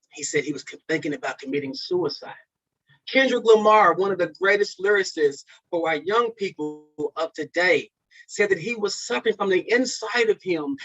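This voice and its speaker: A man sharing a personal testimony as a speaker at a men's conference, swinging from loud peaks to hushed lows. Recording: dull lo-fi recording.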